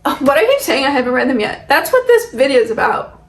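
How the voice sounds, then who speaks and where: A woman's voice: sits high, very animated, fast. A young woman chatting casually as she shows off the books on her shelf, rambling and asking herself questions. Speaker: book vlogger. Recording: echoey room with soft music. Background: soft background music.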